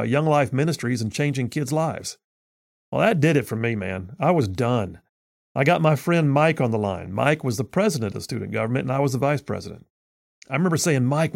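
A man in his fifties tells a story from his own past in a folksy, earnest voice, dropping homespun sayings as he goes. His pitch sits in an ordinary middle range, and the recording is dry and close, with no room sound around him. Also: a little mellow, no room sound. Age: 50s. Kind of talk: personal storytelling commentary.

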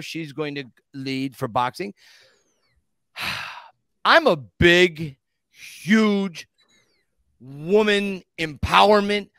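A man with a high, bright-pitched voice hosts a casual podcast, spinning stories with eager emphasis. The sound is close and dry, with no room around it. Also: no echo. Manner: animated storyteller, eager and emphatic. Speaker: podcast host.

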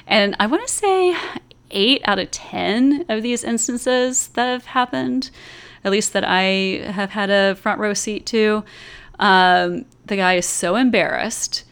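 A woman's voice: medium pitch, lively intonation, unhurried, vocal fry, fairly bright tone, smooth. A young woman from the American South, chatting casually about a movie, a bit tipsy from wine, laughing often and drawing out her syllables. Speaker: podcast co-host.

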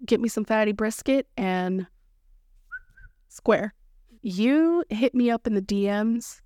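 A woman hosts a solo motivational podcast, speaking slowly in a medium-pitched voice that's mellow and smooth. She addresses her listeners directly, coaching and encouraging them in a playful, upbeat way and relishing corny jokes. The recording is dry, with clean studio sound.

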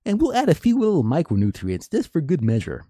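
A man's voice: huge pitch swings, fairly quick, warm tone, husky, no room sound, studio quality, heavily acted. A man putting on a lazy, dopey voice to play a smug know-it-all fish-farming man. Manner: high, dopey mocking voice.

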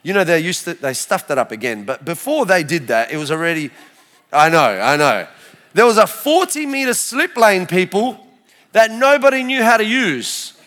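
A man in his forties with an Australian accent gives a church testimony, his voice sitting a little higher than most men's. He tells the story with lively energy and quick asides to the crowd. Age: 40s. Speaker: speaker sharing his testimony.

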